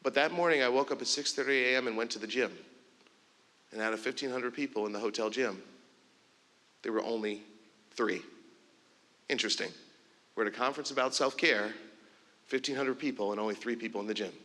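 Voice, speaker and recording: Bright-voiced man telling a keynote story. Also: medium pitch, a little fast, pauses often. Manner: animated storytelling, acts out dialogue. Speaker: keynote speaker. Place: conference stage in a large hall. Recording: long hall reverb.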